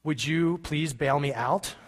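A man's voice: a little high, unhurried. A man voicing an exasperated, evasive Roman governor in a sermon reading, raising his voice and pleading, heard in a hall with long reverb. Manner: raised, pleading, incredulous.

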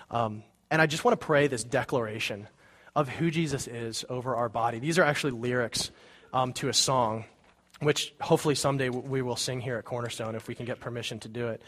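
A man's voice: mid-range voice, fairly bright tone. A man preaching a sermon as pastor, earnest and building to fervent emphasis, with casual asides in a church sanctuary.

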